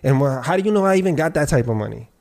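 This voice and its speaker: A man in casual podcast chat, telling a story in animated, slangy bursts with many restarts. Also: on the high side, very fast, vocal fry.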